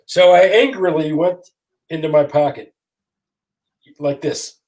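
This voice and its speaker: A Michigan attorney in his sixties, appearing as a guest over a video call, tells a story with self-deprecating humor in a casual interview. His voice is fairly high and darkish, his pace measured.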